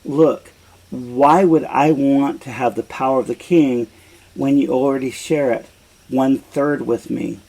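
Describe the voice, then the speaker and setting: Guy reading as a calm reasonable royal in-law, slow and plain. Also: medium pitch, poor audio. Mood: reasoning. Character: reasonable middle-aged man, brother-in-law to a king.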